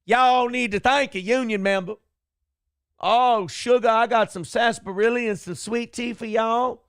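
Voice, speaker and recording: A man doing a mocking impression of a condescending woman politician, slow and sing-song, with a put-on Southern drawl. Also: very high voice, steady tone, fairly bright tone, clear, resonant tone, no echo, studio quality, pitched above the performer's own voice. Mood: folksy.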